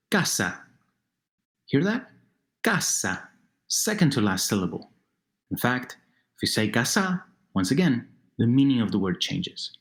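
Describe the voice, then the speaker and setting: A man narrating a language lesson, explaining slowly and carefully and repeating words for the listener, over a noisy voice-over recording. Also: mid-range voice. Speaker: Spanish teacher. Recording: noisy narration with faint music.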